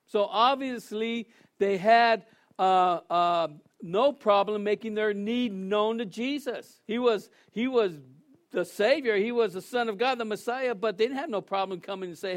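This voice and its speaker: Man, pastor, sermon, high-pitched voice, emphatic, repeats phrases, asks the congregation questions. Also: normal speed.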